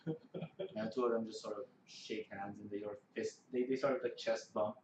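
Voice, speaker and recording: A man's voice: fairly low pitch, steady tone, moderate pace, a little mellow. A man running a tabletop game as game master, rambling and laughing as he narrates. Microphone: camera mic. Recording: roomy, distant camera mic with faint noise.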